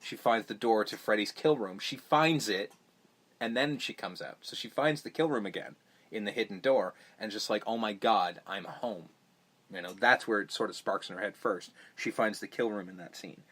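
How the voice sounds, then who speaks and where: A man hosting a podcast, chatting casually about a film in a rambling, profane way that gets animated when he mocks scenes. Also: lowish voice, normal speed, breathy edge. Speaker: podcast host. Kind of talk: casual movie review chat.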